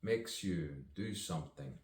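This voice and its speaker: A man's voice: low voice, lively intonation, measured pace, darkish tone, slight background noise. A man improvising spoken-word poetry, musing and playful, with chuckles between lines. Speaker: actor and poet. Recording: roomy sound from a distance.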